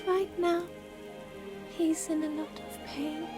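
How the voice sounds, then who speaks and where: A shy, trembling water sprite. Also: female voice, extremely high pitch, fairly even intonation, slow pace. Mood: pleading. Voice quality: soft and quivering, childlike. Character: shy, gentle female water sprite guardian. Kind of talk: video game voice acting. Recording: game audio with music and rain.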